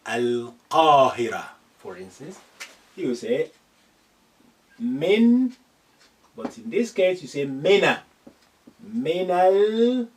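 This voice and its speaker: A man teaching an Arabic lesson, slowly repeating phrases and spelling out sounds for his learners. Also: sits high, big pitch swings, a little mellow. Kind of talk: classroom lesson. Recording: distant from the mic.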